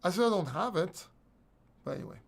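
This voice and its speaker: Gravelly blunt man answering chat. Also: sits high, expressive, a little fast. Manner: blunt, swears, rambling with restarts. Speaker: crypto YouTuber answering live chat. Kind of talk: casual livestream Q&A.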